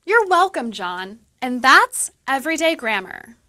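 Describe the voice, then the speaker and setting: A woman as a bright, lively English teacher. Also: high voice, exaggerated voice. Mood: cheerful. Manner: slow, clear teaching delivery. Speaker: teacher in a lesson video. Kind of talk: scripted educational dialogue.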